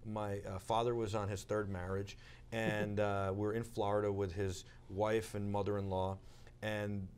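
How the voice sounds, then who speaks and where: A male talk show host chats casually with his guest. His voice sits on the low side, and he talks eagerly with a few halting restarts. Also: little pitch movement, darkish tone, smooth. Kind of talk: casual interview chat.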